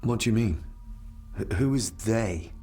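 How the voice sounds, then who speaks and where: A courteous young gentleman in a gothic game. His low, gravelly voice stays formal and polite as he asks questions. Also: measured pace, soft background music.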